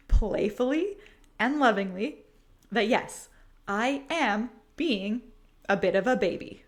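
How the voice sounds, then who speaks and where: A woman host reading a playful story aloud and commenting on it, giggling often. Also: medium pitch. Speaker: podcast host.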